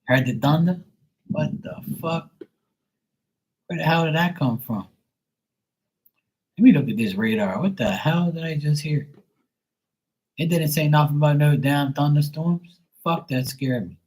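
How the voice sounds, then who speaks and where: A man hosting a casual live stream, cursing freely and joking with viewers, then softly soothing his dog. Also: on the high side, measured pace, pauses often, breathy edge, low-quality recording. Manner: loose, profane, teasing banter with viewers. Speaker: live stream host reading chat.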